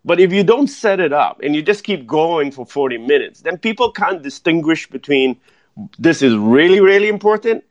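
A man giving animated speaking advice as a guest in a podcast interview, full of "right?" tag questions. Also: on the high side, normal speed, few pauses, no room sound. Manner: energetic, keeps asking "right?" and tacking on "though". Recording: dull lo-fi dry sound.

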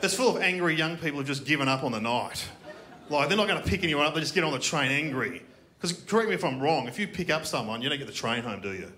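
A man's voice: fairly high pitch, expressive, fast, bright, forceful tone, slight background noise. A middle-aged Australian man performing a stand-up comedy routine on a festival stage, telling a story and acting out the characters in it. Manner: storytelling with acted-out characters and punchlines. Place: comedy festival stage before a live audience.

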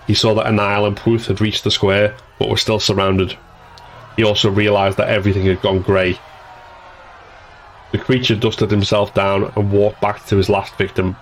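Deep, flat-voiced male audiobook narrator. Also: rough recording. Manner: steady, measured storytelling.

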